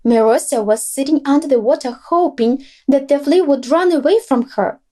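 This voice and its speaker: A woman narrating a bedtime story for children in a gentle, unhurried way. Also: sits high.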